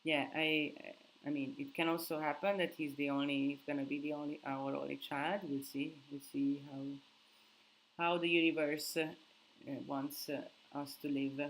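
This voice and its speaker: A woman's voice: sits low, flat delivery, normal speed, slight background noise, low-quality recording. A sleep-deprived young woman hosts a casual live Q&A. She answers viewer questions, thinking aloud and hunting for words.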